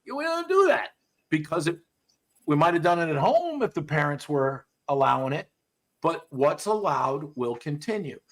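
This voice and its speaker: A man hosting a podcast, talking in a blunt, profane, animated way as he tells stories in casual chat. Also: fairly high pitch, moderate pace. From US South. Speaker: podcast host, dog trainer.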